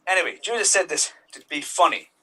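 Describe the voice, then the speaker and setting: A man doing a stand-up comedy set over a video call, talking in an animated way and jumping into voices for his characters. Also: sits high, quick pace, recorded from a distance, slight background noise, low-quality recording.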